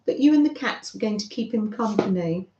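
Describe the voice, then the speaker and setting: A woman hosting a craft channel, chatting gently and fondly with viewers on a livestream. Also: mid-range voice, animated, fairly quick, roomy sound, dull audio, noisy background. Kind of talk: casual livestream chat with viewers.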